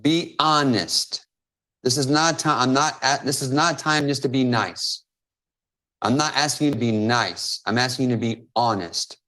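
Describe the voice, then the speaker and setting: A man's voice: medium pitch, measured pace, fairly bright tone. A man hosting a live-stream coaching Q&A over a video call. He is emphatic and repeats phrases for stress. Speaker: host and business coach.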